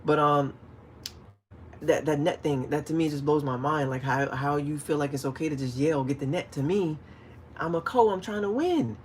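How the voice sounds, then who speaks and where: A man hosting a casual fishing livestream, chatting with viewers and acting out stories with sudden loud calls. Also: on the high side, normal speed, a little hiss or hum. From DC, Maryland, Virginia area. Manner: animated storytelling, acts out shouted calls. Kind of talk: casual livestream chat, reading viewer comments.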